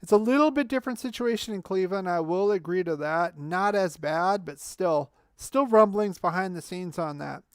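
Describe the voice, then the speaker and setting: A man's voice: high-pitched, moderate pace, hardly any pauses, clean tone, no room sound. Guy ranting about his football team on a livestream, firing back at chat, fired up and argumentative, dry close sound, not much room. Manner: heated, argumentative, talks back to chat commenters. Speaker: fan channel livestream host. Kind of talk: sports fan livestream commentary, reading chat.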